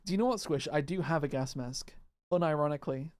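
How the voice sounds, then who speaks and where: A man's voice: on the high side, fast talker, darkish tone, dry recording. Rambling man chatting over gameplay. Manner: rambling, answers chat, restarts often. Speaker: gaming video creator. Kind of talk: casual live gameplay chat.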